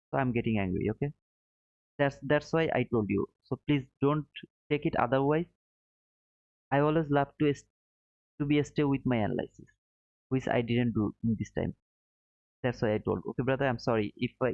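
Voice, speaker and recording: A man's voice: medium pitch, dry recording. Tinny-sounding man live-streaming, apologetic. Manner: apologetic, self-critical, frequent restarts, non-native phrasing. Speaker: livestream trading host. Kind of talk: live-stream chat to viewers. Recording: dry, tinny phone-like sound.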